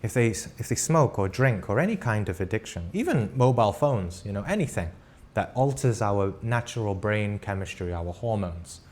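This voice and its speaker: Male spiritual teacher, slightly low voice, earnest and halting as he tells a story to a live class. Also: lively intonation, a little mellow. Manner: unhurried and earnest, often checks in with "right?"; talks in short halting phrases with frequent restarts. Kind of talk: live class lecture, recounting an experience.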